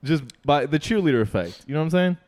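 A man's voice: on the high side, expressive, fast talker, darkish tone. A young man co-hosting a podcast, chatting casually, swearing and laughing while retelling a story. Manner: laughs often, swears, retells with quoted voices. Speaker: podcast co-host. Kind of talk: casual chat.

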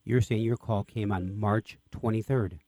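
A man with a lowish, mellow voice hosts an interview, recorded dry and close. He prompts his guest eagerly, asking questions and reacting with enthusiasm. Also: steady tone, unhurried, no echo. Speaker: radio interview host. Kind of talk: interview conversation.

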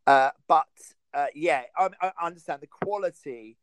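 Enthusiastic male host, quick to laugh; lightly higher pitch, close and dry. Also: smooth, no echo. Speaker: podcast host. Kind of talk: casual chat.

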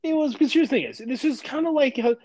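A man's voice: very high voice, animated, quick pace, dark tone, no room sound. A young man co-hosting a casual podcast, heated and given to profane rants. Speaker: podcast co-host.

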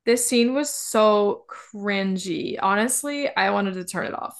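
A woman's voice: medium pitch, measured pace. A woman co-hosting a TV recap podcast, talking in a heated, emphatic way and swearing casually. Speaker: podcast co-host.

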